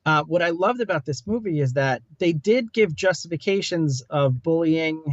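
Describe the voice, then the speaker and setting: A man's voice: a little high, animated, normal speed, no echo, muffled recording. A man co-hosting a casual film review chat, talking conversationally with frequent restarts. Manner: conversational, hesitant restarts, laughs easily.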